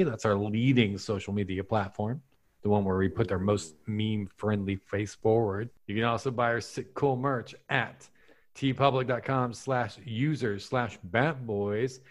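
A man hosting a comedy podcast, doing a breezy, jokey outro with plugs and sign-offs. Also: mid-range voice. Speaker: podcast host.

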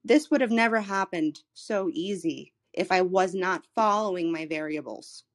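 A woman in her thirties from Florida, a human design coach, telling a personal story in a casual, animated way, swearing freely and often restarting her words. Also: on the low side, moderate pace. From Florida, USA. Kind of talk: casual storytelling in a live audio room. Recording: live social audio room recording.

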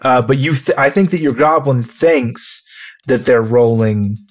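A man's voice: medium pitch, a little slow, faint music behind. A man playing a tabletop role-play game, explaining rules in a rambling, casual way with some swearing.

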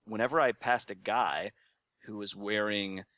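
A man being interviewed, telling his story in a relaxed, self-deprecating way and chuckling often. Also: lowish voice, a little slow, no echo, lo-fi sound. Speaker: interview guest.

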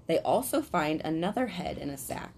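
A woman with a very low voice tells a true crime story on a casual podcast. She is blunt and drops the odd swear word. A faint hiss of background noise sits under her voice. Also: sing-song, normal speed, a little mellow.

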